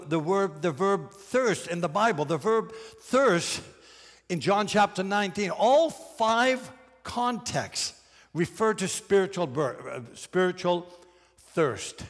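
A male pastor delivering a sermon in a high, animated voice that swings widely in pitch. He slows down and presses on the key phrases with emphatic, deliberate preaching. His voice trails off into a long reverb.

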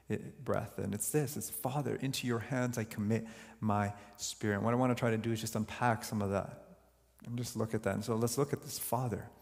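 A man preaching a sermon as pastor, earnest and slowing down to dwell on key words. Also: on the low side, a little mellow. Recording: long hall reverb.

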